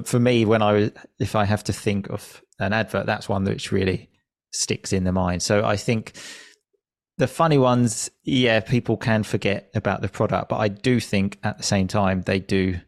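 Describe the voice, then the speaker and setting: A man's voice: fairly low pitch, measured pace, dry recording, clean studio sound. A man who teaches English, telling a story in an easy, rambling conversational way. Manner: relaxed, anecdotal, with fillers like "like".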